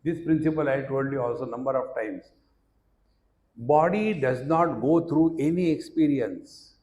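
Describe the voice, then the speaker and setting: A man's voice: mid-range voice, unhurried, darkish tone, roomy sound. A man with an Indian English accent giving a spiritual discourse, telling stories that act out dialogue and chanting Sanskrit verses. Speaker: spiritual teacher. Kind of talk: discourse on scripture.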